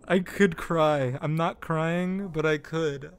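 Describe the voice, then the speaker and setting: A man's voice: fairly high pitch, slow, smooth. A young man giving casual commentary while streaming a climbing game, laughing and yelping as he plays. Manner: excitable, laughs and yelps at the game.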